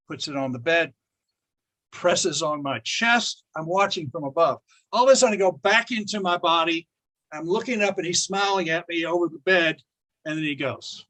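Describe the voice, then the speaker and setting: A man's voice: on the high side, normal speed, bright, forceful tone. A man in his seventies giving an emphatic spiritual talk to an audience, repeating phrases and laughing often as he tells a personal story. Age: 70s. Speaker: speaker addressing an audience.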